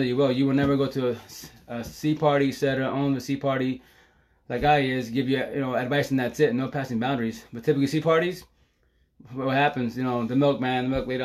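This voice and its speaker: A man's voice: medium pitch, a little mellow. A middle-aged man talking casually on a live stream from home, rambling and emotional, swearing freely and laughing often.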